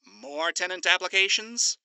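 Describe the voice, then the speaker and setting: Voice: medium pitch, unhurried, sharp tone, smooth, dry recording, voice pushed up. A narrator voicing a vain, sardonic male demon who drawls and teases in a storybook reading. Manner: drawling, sarcastic, teasing.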